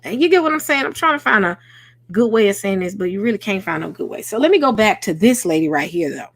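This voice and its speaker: A woman's voice: medium pitch, lively intonation, quick pace, no echo. A woman hosting a late-night livestream, talking earnestly and conversationally to her chat. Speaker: host.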